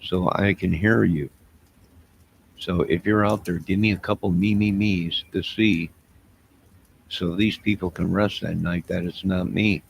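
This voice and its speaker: A man with a low, gravelly voice rambles to his live-stream viewers late at night, taking his time over every thought. He sounds loose and a little defensive as he talks right at them. A faint hiss of noise sits under the recording. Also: steady tone, unhurried. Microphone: wearing headphones at a desk mic.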